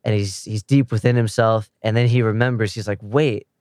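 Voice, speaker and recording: A man with a lowish, smooth, clear voice loosely retells the plot of an episode. He drifts in and out of the characters' lines as he goes. The sound is dry and close, with no room around it. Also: level tone, brisk, darkish tone, dry recording. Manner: loose storytelling, slipping into characters' quoted lines. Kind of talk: casual plot recap.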